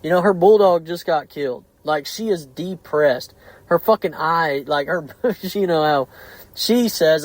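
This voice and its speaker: A man's voice: on the high side, measured pace, dry recording, poor audio. A man, hosting a casual podcast chat, swearing heavily and speaking bluntly and heatedly.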